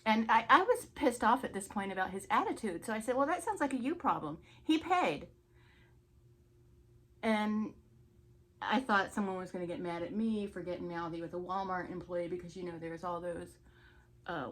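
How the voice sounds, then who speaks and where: A woman's voice: fairly low pitch, normal speed. A woman vlogger telling a story in a chatty, indignant way while she gets ready. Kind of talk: get-ready-with-me story time.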